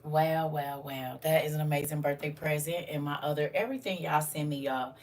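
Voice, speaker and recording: A woman's voice: sits low, steady tone, brisk, a little mellow, a little hiss or hum. An older woman hosting a casual livestream, talking emotionally, laughing and exclaiming to her viewers. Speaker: livestream host. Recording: voice a bit distant from the mic.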